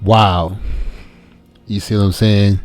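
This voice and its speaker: A man's voice: fairly low pitch, flat delivery, slow pace, darkish tone, no echo, soft background music. A man hosting a channel, giving casual commentary in a laid-back, slangy way.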